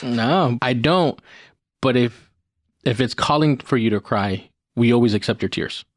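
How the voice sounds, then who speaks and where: A man co-hosting a podcast, speaking gently and encouragingly and laughing easily as he reflects. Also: medium pitch, a little slow, no room sound, clean studio sound. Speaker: co-host.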